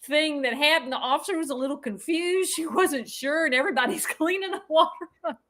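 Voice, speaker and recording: A woman's voice: high-pitched, fairly quick, fairly bright tone. A woman co-hosting a podcast, telling a story in a casual way and laughing often as she goes. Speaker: podcast co-host.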